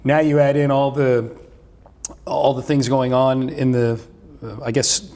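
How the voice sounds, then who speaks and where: A man's voice: medium pitch, flat delivery, measured pace, darkish tone. A middle-aged man who hosts sports radio, guesting in a casual chat and talking at length with many restarts. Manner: talkative, many restarts and fillers.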